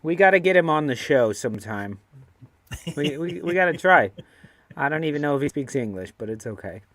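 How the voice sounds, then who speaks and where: A man's voice: fairly high pitch, expressive, brisk, a bit bright. A man hosting a football fan chat show, upbeat and teasing, stretching words for emphasis. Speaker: host. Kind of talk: casual chat.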